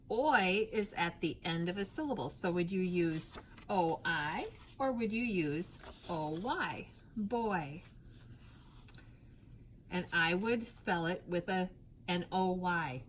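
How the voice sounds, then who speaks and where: A woman teaching a phonics lesson to young children, patient and clear, stretching out sounds and spelling letters one by one. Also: lowish voice, a bit bright, a little hiss or hum.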